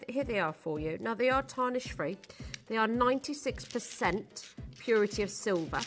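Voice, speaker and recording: A woman's voice: fairly high pitch, fairly bright tone. A woman presenting on a live shopping channel, chatty, giggly and enthusiastic as she sells jewellery.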